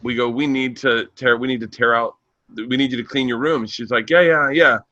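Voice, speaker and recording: Bright-voiced man telling animated stories. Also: mid-range voice, fairly quick, no echo, muffled recording. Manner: animated storyteller who acts out voices and laughs hard. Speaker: stand-up comedian. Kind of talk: casual podcast chat.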